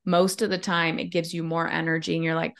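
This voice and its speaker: A candid woman coach talks in a slightly low voice, blunt and unguarded. She tells stories with lively energy and voices the people in them as she goes. Her style is a loose, casual interview chat. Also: brisk, vocal fry. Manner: candid, blunt, swears freely; animated storyteller acting out clients' replies. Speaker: leadership coach, podcast guest.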